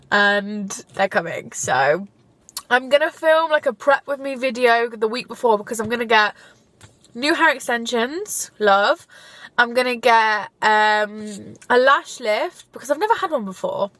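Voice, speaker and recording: A woman's voice: on the high side, normal speed, a bit bright. A young woman, vlogging casually from her car, chatty and gushing, now and then tearful. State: tearful at times. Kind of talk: casual chat while driving. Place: inside a car.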